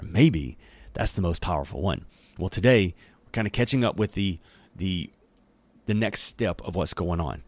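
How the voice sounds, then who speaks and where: A man's voice: sits low, lively intonation, moderate pace, long pauses, no room sound. A man teaching a Bible chapter in a casual, folksy and slangy conversational style.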